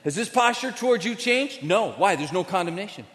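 A man preaching a sermon to a crowd, with a volunteer on stage, talking directly and animatedly, going from quiet asides to emphatic declarations. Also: high-pitched, lively intonation, brisk. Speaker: pastor. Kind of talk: sermon with live demonstration. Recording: long hall reverb.

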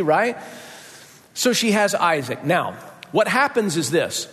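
A man preaching a sermon as a pastor, telling the story in a relaxed conversational way and often checking in with listeners by asking "right?". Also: a little high, a little slow, in a large hall.

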